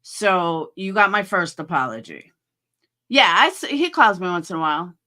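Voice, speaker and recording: Bright-voiced woman chatting on a livestream. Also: on the low side, big pitch swings, moderate pace. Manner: chatty, frank, swears freely. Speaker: livestream host. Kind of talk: casual livestream chat. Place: at home.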